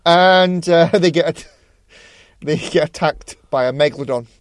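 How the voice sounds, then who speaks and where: A man's voice: fairly high pitch, a little slow, no room sound, clean studio sound. A man co-hosting a podcast in casual chat, jokey and rambling, swearing freely. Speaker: podcast co-host.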